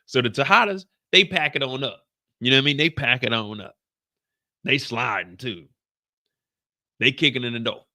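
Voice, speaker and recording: A man hosting a recap who tells the story in an animated way, using slang, sound effects and calls to the chat. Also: mid-range voice, normal speed, long pauses, no room sound, clean studio sound. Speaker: show recap host.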